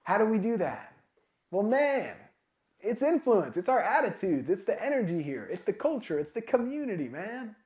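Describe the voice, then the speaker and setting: A man giving a casual, energetic motivational talk at a sales summit, full of filler words like "like" and "man". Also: high voice, normal speed. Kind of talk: motivational talk to a live audience. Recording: echoey event room.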